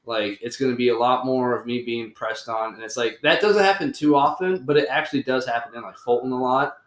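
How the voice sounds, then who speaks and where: A man's voice: mid-range voice, brisk. Young man rambling. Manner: rambling storyteller, lots of fillers and swearing. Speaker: podcast host. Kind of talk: casual chat. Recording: roomy echoey room.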